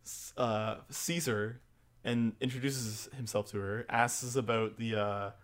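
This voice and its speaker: Guy chatting about a movie with a friend, mid pitch, laughs a lot, swears, does the lines. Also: fairly even intonation, measured pace. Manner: laughs often, swears, acts out quotes from the film. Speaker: podcast co-host recapping a film. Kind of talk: casual chat.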